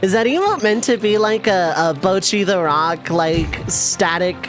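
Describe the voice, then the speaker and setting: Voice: medium pitch, expressive, a little slow, music in the background. A streamer chatting casually with viewers while playing, rambling and self-amused. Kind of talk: casual live-stream chat while gaming.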